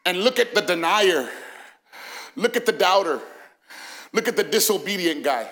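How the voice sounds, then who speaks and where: A male senior pastor preaching an Easter sermon in a church, building from quiet reasoning to shouted, sung-out climaxes. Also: high-pitched, animated, moderate pace, pauses often. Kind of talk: Pentecostal-style Easter sermon. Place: church sanctuary, also broadcast.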